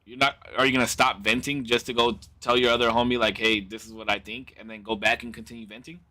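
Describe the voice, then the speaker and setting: A young man giving his opinions on a podcast in slangy, casual talk. His voice is bright and sharp-edged at a middle pitch. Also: flat delivery, fast talker. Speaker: podcast co-host. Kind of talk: casual chat.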